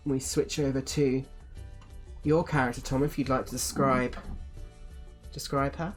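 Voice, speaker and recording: Low-voiced woman game master, rambling. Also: fairly even intonation, unhurried, soft background music. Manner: rambling, many fillers. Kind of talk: narrating a tabletop game.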